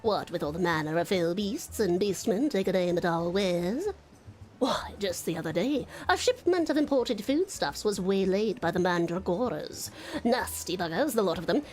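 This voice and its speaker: A woman's voice: fairly low pitch, expressive, normal speed, darkish tone, voice pushed down, lightly acted. Yalto Nolto, a blustering old merchant voiced by a woman. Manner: gruff, pompous old-fashioned speech. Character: blustering elderly male merchant, jovial and boastful.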